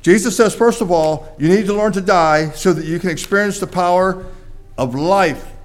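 Emphatic man preaching. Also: moderate pace. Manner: swings from loud emphatic peaks to quiet low endings. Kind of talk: sermon. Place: church before a congregation.

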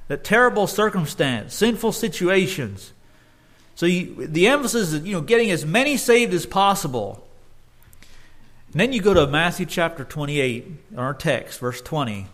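Man, preacher, sermon, earnest, halting restarts, slightly high voice. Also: sing-song, pushed and bright. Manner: earnest, halting with restarts, rising when quoting scripture.

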